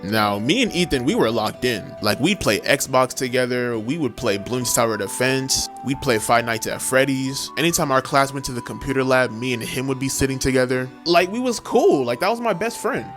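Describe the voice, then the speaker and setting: A man's voice: medium pitch, animated, moderate pace, few pauses. A young man in his twenties telling a funny childhood story in a slangy, emphatic way, with music behind him. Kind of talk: storytime vlog. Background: background music.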